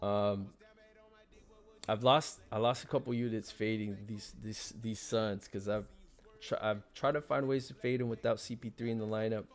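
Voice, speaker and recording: A man's voice: fairly low pitch, steady tone, normal speed. A man hosting a casual sports betting livestream, stammering and repeating words as he talks picks and reads the chat.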